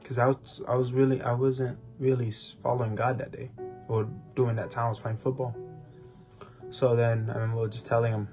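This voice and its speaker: A young man recounts his personal testimony in an easygoing, rambling way, circling back and restarting his sentences. His voice sits at an ordinary middle pitch, and faint guitar music plays softly behind him. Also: little pitch movement, fairly quick. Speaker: podcast co-host. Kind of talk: personal testimony, casual chat.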